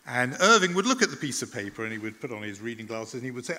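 A man speaks to an audience with a bright, forward voice, recounting events in a measured, reflective way. He often stops on a filler and picks his words again. His voice rings out with a long reverb from a large hall. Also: medium pitch, very animated. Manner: measured, reflective, with frequent "uh" restarts. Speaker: journalist giving a talk. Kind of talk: public talk, storytelling.

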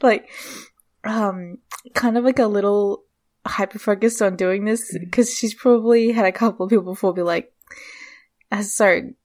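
A woman's voice: medium pitch, fairly even intonation, moderate pace, darkish tone. A woman playing a tabletop game, describing her character's actions with many fillers and restarts. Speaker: player.

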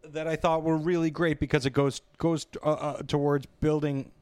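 A man with a slightly high, smooth voice talks through a movie in loose casual chat. He rambles, laughs often and swears freely. The sound is close and dry. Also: level tone, moderate pace, a little mellow, no echo. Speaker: podcast co-host.

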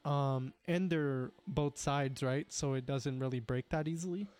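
A man's voice: medium pitch, a little slow, a little mellow, clear, resonant tone. A young man chatting casually among friends, rambling and slangy, often mimicking a device's voice. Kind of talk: casual chat.

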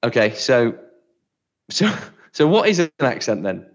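Man, West Country accent, podcast co-host, thinks aloud, casual and self-mocking, medium pitch, slightly dull lo-fi sound. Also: big pitch swings, unhurried. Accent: West Country English. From West of England, near Bristol.

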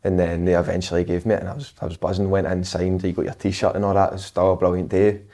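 Scottish young man, lowish voice, fast. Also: level tone, mellow. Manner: chatty storytelling, laughs often. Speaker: guest footballer. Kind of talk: casual chat.

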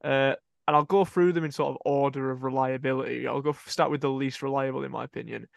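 A man's voice: mid-range voice, fairly even intonation, quick pace, creaky, dry recording. Rambling man, dry close sound. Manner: rambling, self-correcting, laughing at own slips. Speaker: podcast co-host reading transfer rumours. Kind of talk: casual podcast chat.

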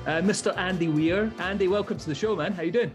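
A man's voice: sits high, fast, soft background music. A man hosting a podcast, chatting casually with upbeat banter and playing the hype man for his guest. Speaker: podcast host. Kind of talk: casual chat.

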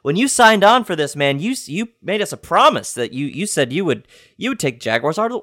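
A man's voice: a little high, big pitch swings, a little fast, fairly bright tone, dry recording, studio quality. A man hosting a comedic sports-headline podcast, rambling and playfully clueless, with lots of fillers and restarts. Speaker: podcast host.

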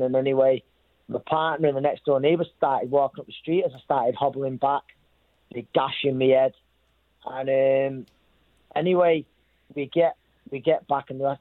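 In a medium-pitched voice, a man who boxes recounts a story during an interview, wandering and repeating himself while quoting what others said. The audio is thin and phone-like with no room sound.

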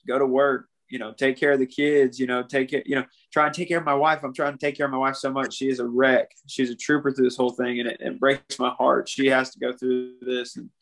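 Talking fairly quickly with few pauses, a young man in a candid podcast interview describes something painful in a flat, mid-range, slightly bright voice. He's earnest and emotional, often dropping the word "man."

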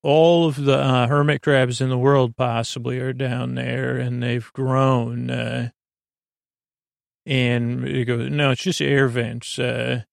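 A man hosting a bedtime podcast, retelling a TV episode in a rambling, halting way full of fillers and restarts. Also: medium pitch, level tone, gravelly, clear, resonant tone, dry recording, clean studio sound. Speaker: podcast host. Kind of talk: sleepy bedtime episode recap.

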